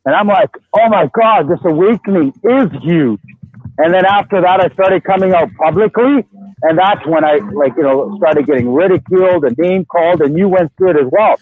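A man with a slightly higher voice tells stories in a casual podcast chat, bringing the people he quotes to life. His sound is thin and phone-like. The recording is dry, with no room sound. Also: a little fast, no room sound. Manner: animated storyteller, acts out quoted dialogue. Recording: tinny phone-like line.

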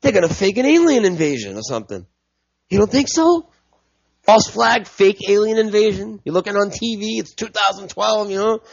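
Angry gravelly man ranting. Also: sits high, big pitch swings, normal speed, no room sound, highs cut off. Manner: angry, swears, repeats himself. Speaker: political commentator. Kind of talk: ranting monologue to viewers.

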